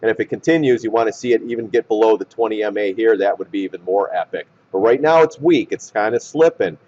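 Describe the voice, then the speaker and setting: A man walking through stock charts in blunt trader slang, hoarse and losing his voice. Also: fairly low pitch, fast talker, darkish tone. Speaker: stock market commentator. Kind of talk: chart analysis talk. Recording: dull lo-fi recording.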